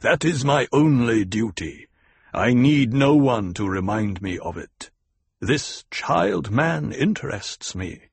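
A man voicing a tall, stern male desert tribal leader who speaks slowly and with authority, in an audiobook reading. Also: medium pitch, lively intonation, creaky, slightly rough, no echo, heavily acted. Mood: measured. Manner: slow, deliberate, authoritative. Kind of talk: audiobook character voice.

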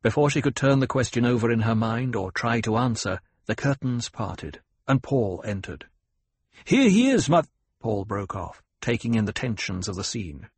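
A man narrating an audiobook in a measured, dramatic storytelling manner, with a husky voice. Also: on the low side, no room sound. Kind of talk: scripted narration.

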